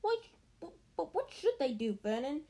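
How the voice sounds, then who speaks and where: A woman voicing a fretful middle-aged aunt with a quivering, shrill voice. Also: sing-song, normal speed, warm tone.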